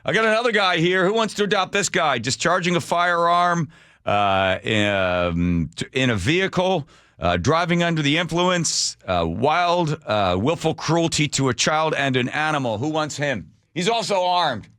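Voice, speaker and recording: A man's voice: fairly high pitch, animated, normal speed, a bit bright, no echo, clean studio sound. A middle-aged man hosting a radio talk show, delivering a sarcastic, mocking monologue and acting out quotes in a raised voice. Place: radio studio. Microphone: studio microphone.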